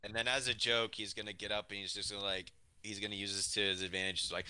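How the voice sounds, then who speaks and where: Low-pitched man, crisp and bright, loosely narrates his character in a tabletop game. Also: flat delivery, brisk, no room sound. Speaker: player. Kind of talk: casual tabletop chat.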